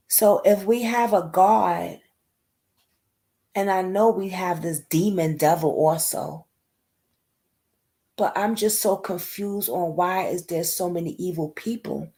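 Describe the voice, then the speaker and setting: A woman hosts a casual livestream chat, greeting viewers by name as she talks emotionally and rambles. Her voice is lowish and mellow, unhurried, with long pauses.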